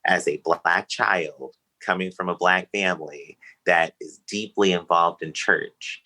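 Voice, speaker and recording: Podcast guest, male, low pitch, forceful tone, candid and emotional storytelling. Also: fairly even intonation, measured pace, rough recording. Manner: emotional, earnest, open.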